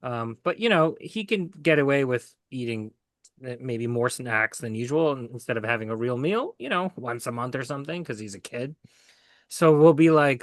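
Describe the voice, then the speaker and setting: A man's voice: mid-range voice, lively intonation, normal speed, dry recording, clean studio sound. A man co-hosting a casual podcast, making teasing side comments and laughing often. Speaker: podcast co-host.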